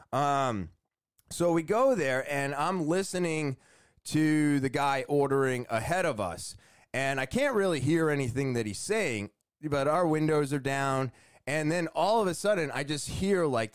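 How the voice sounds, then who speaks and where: A man's voice: mid-range voice, smooth, no echo. Rambling man telling a story, dry close sound. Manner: rambling, self-deprecating, acts out quotes. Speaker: podcast host. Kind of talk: casual storytelling monologue.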